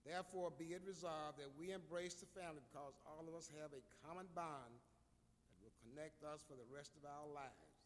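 A man's voice: on the high side, moderate pace. A man, a city clerk, formally reading a memorial resolution aloud at a funeral. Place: church funeral service. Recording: long hall reverb with faint room noise.

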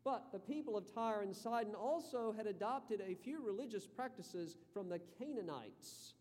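A man's voice: high voice, animated, a little mellow. Preaching man in an echoing hall. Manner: measured preaching with scripture reading. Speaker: pastor. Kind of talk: sermon. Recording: reverberant hall.

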